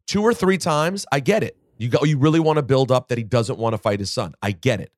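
A man's voice: medium pitch, no room sound, studio quality. Emphatic man arguing on a podcast. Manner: emphatic, argumentative, quick to push back. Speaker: podcast host. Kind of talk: casual chat.

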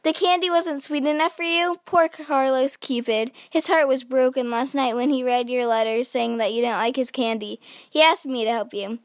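A woman voicing a fussy male Easter bunny reading his letter slowly and primly. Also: high voice, steady tone, no room sound, clean studio sound, lightly acted.

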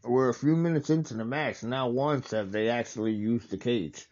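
A man's voice: mid-range voice, normal speed, darkish tone, dull audio. A man hosting a casual wrestling watch-along, talking in a rambling, enthusiastic way with lots of fillers and restarts.

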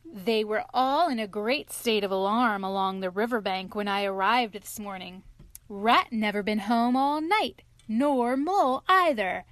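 Woman reader voicing a hearty, bold otter, cheerful and brisk, mid-range voice, dry close mic. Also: mid-range voice, fairly bright tone, dry recording, lightly acted. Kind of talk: storybook reading.

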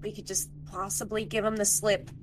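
A woman's voice: medium pitch, level tone, moderate pace, noisy background. A woman playing a tabletop game, chatting casually, playful and decisive. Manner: playful, decisive, laughs often. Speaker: player.

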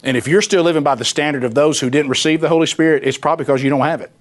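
A man's voice: a little high, racing. A man teaching a Bible study in a folksy, conversational way, acting out the voices of Bible figures.

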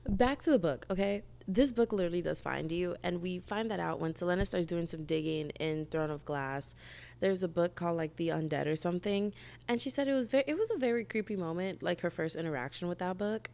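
Young woman, book vlogger, casual review chat, chatty and gushing, lowish voice, gravelly. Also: a little fast. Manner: animated, gushing, chatty with lots of "like".

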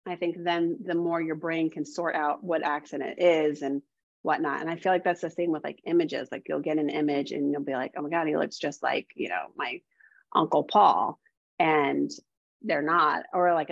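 A woman's voice: low-pitched, steady tone, moderate pace, creaky, no echo. A woman guest talking casually on a podcast, rambling and filling her speech with "like". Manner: rambling, heavy use of "like". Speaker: guest, developing medium. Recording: dull lo-fi sound.

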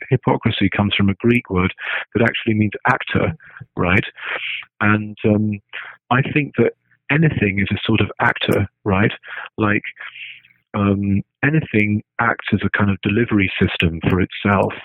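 A man's voice: fairly low pitch, dry recording. Man musing hesitantly on a tinny line. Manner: hesitant, restarts often, keeps asking "right?". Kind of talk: casual spoken musing. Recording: tinny phone-like line, dry.

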